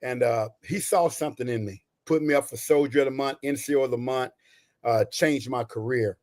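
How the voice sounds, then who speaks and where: A man in his sixties from Texas, a retired Army veteran, telling his story in a podcast interview in an animated, folksy way. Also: mid-range voice, brisk. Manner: animated, folksy, says "you know" and "right?" often.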